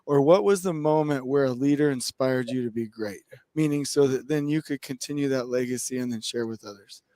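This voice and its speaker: A man's voice: mid-range voice, fairly quick, no room sound. A man co-hosting a live stream, effusive and openly emotional in casual chat. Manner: effusive and warm-hearted.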